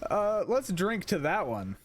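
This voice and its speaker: A man's voice: sits high, slight background noise. A young man co-hosting a casual podcast, laid-back and casually swearing. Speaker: podcast co-host. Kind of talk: casual anime podcast chat.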